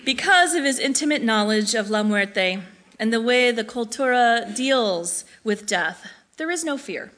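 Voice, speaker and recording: A woman reading her own personal essay aloud in a reflective, measured way. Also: a little high, lively intonation, a bit bright. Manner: reflective, measured, with brief slips and restarts. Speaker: narrator.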